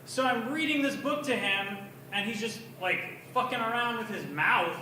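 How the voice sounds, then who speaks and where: A young man doing open mic stand-up, crude and self-mocking, with a high, bright, sharp voice. He is heard from far off in a very echoey bar, with faint noise behind him. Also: normal speed. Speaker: stand-up comedian.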